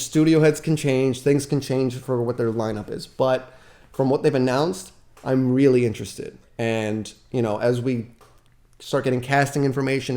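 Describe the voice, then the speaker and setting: A man's voice: mid-range voice, mellow. Rambling, enthusiastic man on a podcast. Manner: rambling, self-correcting, enthusiastic. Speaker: podcast guest. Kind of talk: casual chat.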